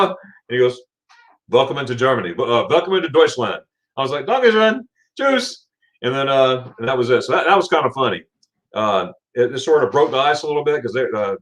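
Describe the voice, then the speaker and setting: A man's voice: medium pitch, a bit bright. A middle-aged man hosting a live stream, telling funny stories in a casual chat, laughing often and repeating words as he talks. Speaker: livestream host.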